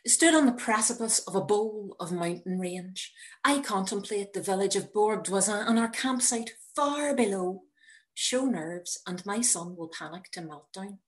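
A woman reading her own personal story aloud in a measured, wry manner. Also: mid-range voice. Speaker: narrator.

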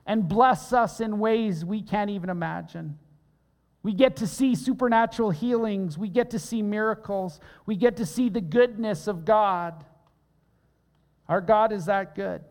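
Male pastor, unhurried emphatic sermon delivery, long hall reverb. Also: sits high. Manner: earnest, emphatic preaching with repeated phrases.

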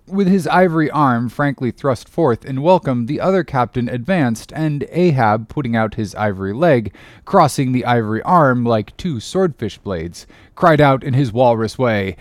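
A man narrating a classic sea novel as an audiobook in a measured, expressive reading. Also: medium pitch, dry recording, studio quality.

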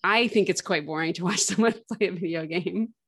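A woman's voice: lowish voice, brisk, fairly bright tone, slightly rough. A woman co-hosting a podcast, chatty and thinking aloud with lots of filler "like"s. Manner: chatty, musing aloud with many "like"s. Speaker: podcast co-host. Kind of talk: casual chat.

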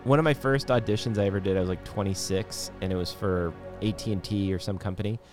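A man in his thirties co-hosting a podcast, chatting loosely with halting restarts and frequent laughs. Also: lowish voice, darkish tone, faint music behind. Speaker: podcast co-host. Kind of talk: casual banter.

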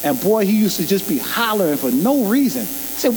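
High, lively preaching man in a reverberant hall. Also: fairly quick, hardly any pauses. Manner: emphatic, folksy preaching with call-and-response; colloquial, loose grammar. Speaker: pastor. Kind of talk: sermon. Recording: long hall reverb with faint mains hum.

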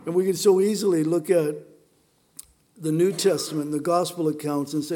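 High-voiced, animated male preacher. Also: moderate pace. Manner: animated storytelling, playful asides to the congregation. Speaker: pastor. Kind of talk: sermon.

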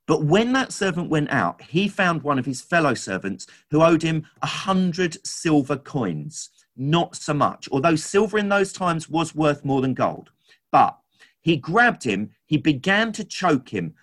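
Man, preacher, sermon, animated storytelling, lively intonation. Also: fairly high pitch, a little slow. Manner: animated storytelling, acts out scripture.

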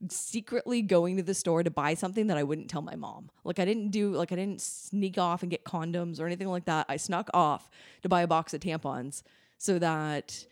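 A woman's voice: lowish voice, moderate pace, dry recording. Chatty woman telling stories, dry sound. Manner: chatty storytelling full of "like" fillers, laughs often. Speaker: podcast co-host. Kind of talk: casual chat.

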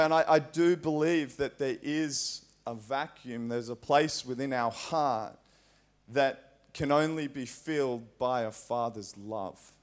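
A man with an Australian accent preaching a conversational, earnest sermon in a church, with frequent fillers. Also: medium pitch.

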